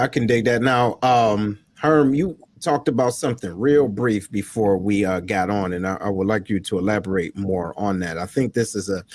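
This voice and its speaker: A man hosting a casual panel talk show, energetic and laughing as he calls on his guests. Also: medium pitch, dry recording. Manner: energetic, laughing, call-and-response. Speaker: host.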